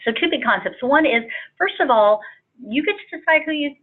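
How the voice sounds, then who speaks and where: A woman hosting a webinar over a thin, phone-quality line. She speaks hesitantly and fills her pauses with frequent ums. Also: high voice, expressive. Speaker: webinar host.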